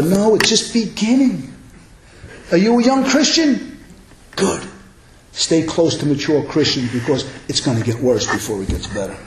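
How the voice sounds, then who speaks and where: Pastor, male, high voice, emphatic sermon delivery, echoey hall. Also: sing-song, normal speed, a little hiss or hum. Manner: emphatic preaching that builds to loud exclamations.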